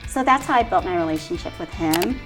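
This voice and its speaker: A woman's voice: fairly low pitch, fast talker, music in the background, low-quality recording. A middle-aged woman, a style coordinator, telling stories in a casual interview and laughing often. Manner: lively storyteller, laughs often.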